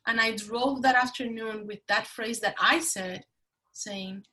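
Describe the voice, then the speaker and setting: A middle-aged woman, telling her story as a podcast guest in an animated, emphatic way. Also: a little high, measured pace, distant mic, rough recording. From Mexico. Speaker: guest, business consultant. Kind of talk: casual interview talk.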